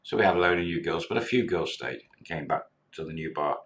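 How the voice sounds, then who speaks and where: A man's voice: low-pitched, fast, fairly bright tone. A middle-aged man, a former bar manager, casually tells a story and acts out the quoted dialogue in a chatty way.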